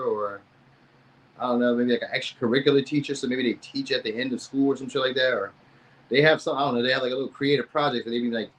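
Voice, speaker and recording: A man's voice: mid-range voice, slight background noise. A man giving a casual tarot reading, chatting in loose slang and reacting to viewers' comments. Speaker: tarot reader.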